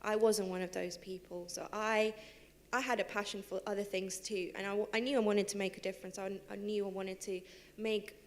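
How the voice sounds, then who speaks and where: A young woman who is a guest on a live panel, talking quickly and casually about her life, with plenty of fillers and laughing at herself. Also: medium pitch, level tone. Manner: fast, chatty, lots of fillers, laughs at herself. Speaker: panel guest, civil servant and henna artist. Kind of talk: live panel talk, personal storytelling. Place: theatre stage.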